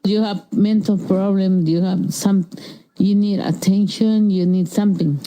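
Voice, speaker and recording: This is a rude, aggressive street man, acted out by a woman mid-story. He speaks in clipped, broken sentences with a dark, heavy tone. He is pushy and raised in volume. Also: medium pitch, fairly even intonation, unhurried, close to an everyday voice, rough recording. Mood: taunting. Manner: blunt, taunting, broken phrasing.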